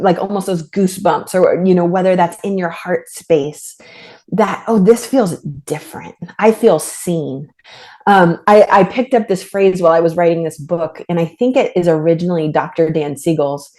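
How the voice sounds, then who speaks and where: Low, mellow-voiced woman therapist. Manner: thoughtful, halting, with frequent restarts. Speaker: author and trauma therapist guest. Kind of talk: reflective podcast conversation.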